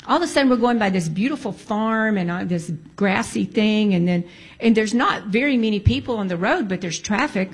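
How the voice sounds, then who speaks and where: A woman telling a personal testimony in a casual, conversational way. She is animated and emphatic, and she repeats key points to stress them. Her storytelling breaks into prayerful exclamations. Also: mid-range voice, brisk, slightly rough.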